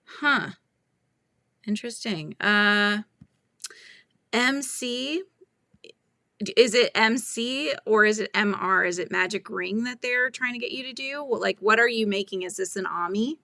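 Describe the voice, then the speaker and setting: A woman's voice: mid-range voice, unhurried, pauses often, pushed and bright, no room sound. A woman hosting a live crochet chat, thinking aloud and talking through pattern steps with viewers. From California. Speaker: crochet livestream host.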